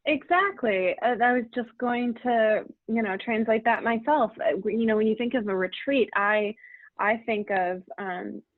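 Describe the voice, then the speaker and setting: A woman's voice: a little high, moderate pace, no room sound. A woman hosts a webinar and chats easily with her guest, using plenty of ums and you-knows. Her voice comes through tinny and narrow, like a phone line. The sound is dry, with no room around it. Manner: friendly, chatty, with fillers. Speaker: webinar host and interviewer. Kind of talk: casual webinar conversation.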